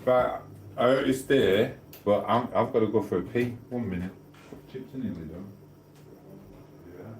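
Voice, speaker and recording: A man's voice: fairly low pitch, a little slow, pauses often, roomy sound, slight background noise. A man in a rambling live-stream chat with viewers, talking casually from his kitchen while he cooks and laughing often. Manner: rambling and chatty, laughs often, keeps asking "do you know what I mean". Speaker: livestreamer chatting with viewers. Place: home kitchen while cooking.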